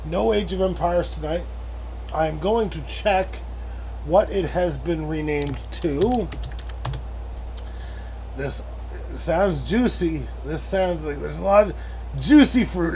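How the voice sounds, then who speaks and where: Gravelly, profane male stream host. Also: fairly high pitch, lively intonation, slow, long pauses, darkish tone, a little hiss or hum. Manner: rambling, profane, sarcastic. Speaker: livestream host. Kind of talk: late-night sports stream chat.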